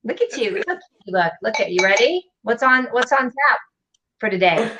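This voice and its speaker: A woman's voice: fairly high pitch, lively intonation, sharp tone, a little hiss or hum, low-quality recording. Bubbly woman hosting a livestream. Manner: bubbly, affectionate, quick asides. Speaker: host. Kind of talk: casual livestream chat. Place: home office.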